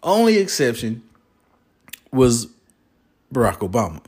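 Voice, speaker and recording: A man's voice: medium pitch, wildly swooping pitch, measured pace, a little mellow, slightly rough. A man in a heated, rambling political rant, swearing freely and getting worked up. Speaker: vlogger.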